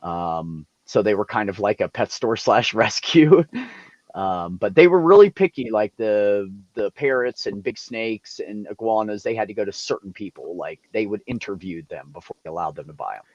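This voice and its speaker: A man casually telling animated, profane stories over a video call. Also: fairly low pitch, normal speed, dry recording, dull audio. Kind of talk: casual storytelling.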